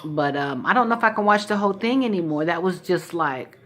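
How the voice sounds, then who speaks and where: A woman's voice: low-pitched, expressive, normal speed, fairly bright tone, soft background music. A woman vlogger talking casually to the camera in a teasing, mocking, playful way.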